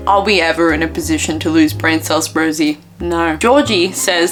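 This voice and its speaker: A woman's voice: mid-range voice, animated, moderate pace, few pauses, fairly bright tone, faint music behind. Australian woman, casual book vlogger, mid-range voice; blunt and exasperated, curses freely, slips into muttered asides. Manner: drops to near-whispered asides. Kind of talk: casual vlog commentary, reading reviews aloud.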